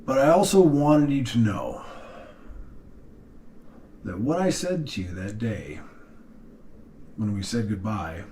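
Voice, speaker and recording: A middle-aged man speaking earnestly and haltingly to his daughters in a personal video message, pausing often and sighing. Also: fairly low pitch, big pitch swings, mellow, a little hiss or hum. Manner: earnest, halting, with long pauses and sighs. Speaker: father addressing his daughters.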